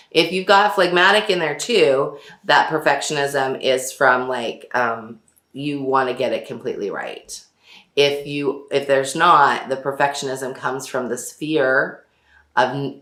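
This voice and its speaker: Low-voiced chatty woman, echoey room. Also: fairly bright tone. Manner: chatty, laughs often, many fillers. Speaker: host. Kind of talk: casual chat.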